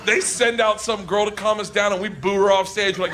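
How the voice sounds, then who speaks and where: A man doing stand-up storytelling, loud and excitable, laughing through his story and shouting the punchlines. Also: high voice, brisk, hardly any pauses, noisy background. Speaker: stand-up comedian. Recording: live stage recording with loud audience laughter. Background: loud crowd laughter.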